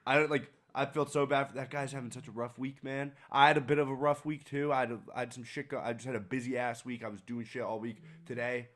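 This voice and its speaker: A man's voice: mid-range voice, flat delivery, quick pace, hardly any pauses, a bit bright. A young man co-hosting a podcast, telling a story in casual, profane chat and acting out the voices of people he quotes. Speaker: podcast co-host.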